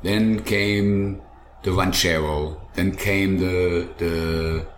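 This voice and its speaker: A man's voice: low-pitched, steady tone, very slow, a little hiss or hum. An older man, a food truck owner and chef, chatting in an interview and rambling enthusiastically through his dishes step by step. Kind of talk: casual interview chat. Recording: roomy echo with faint ambience.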